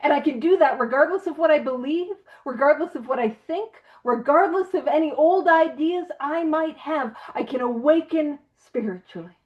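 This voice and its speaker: A woman leading an online recovery book study in a playful, animated teaching manner, with laughing asides. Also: high-pitched, moderate pace, few pauses, highs cut off. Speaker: study group leader.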